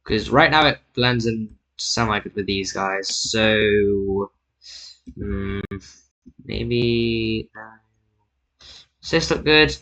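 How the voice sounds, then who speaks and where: A man's voice: fairly low pitch, very slow, pauses often, sharp tone, rough recording. A man casually narrating a map-drawing video, rambling and correcting himself with jokey asides. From Britain. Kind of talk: casual narration over screen recording.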